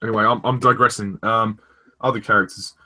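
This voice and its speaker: Bright-voiced young man chatting casually. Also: fairly low pitch, steady tone, fairly quick. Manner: rambling, many ums and restarts, chuckles. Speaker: host of a review discussion. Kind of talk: casual review chat.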